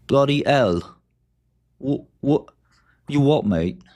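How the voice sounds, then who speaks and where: A man's voice: mid-range voice, lively intonation, slow pace, a little mellow, voice pushed up. A man doing a put-on English accent, playing a mock brash football-lad type with exaggerated slang. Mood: joking.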